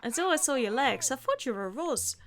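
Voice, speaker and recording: A woman voicing a brash, excitable little one-eyed male monster who talks loudly and dramatically. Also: high voice, brisk. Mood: startled. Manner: loud, boastful, dramatic outbursts.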